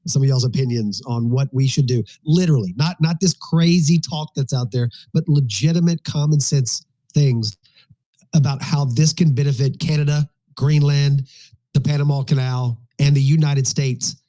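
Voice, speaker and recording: A man hosting a casual live panel talk, loose and joking, with halting restarts. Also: medium pitch, warm tone, no echo. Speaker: host.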